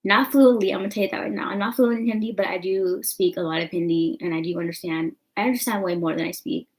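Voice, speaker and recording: A woman's voice: medium pitch, fairly even intonation, quick pace, low-quality recording. Young woman vlogging to camera, chatty and rambly, lots of "you know what i'm saying". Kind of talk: casual storytelling to camera.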